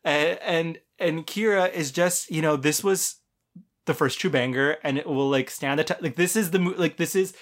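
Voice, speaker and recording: A man's voice: on the high side, normal speed. A man co-hosting a podcast, chatting casually and enthusiastically about films, rambling and swearing. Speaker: podcast co-host. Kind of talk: casual film chat.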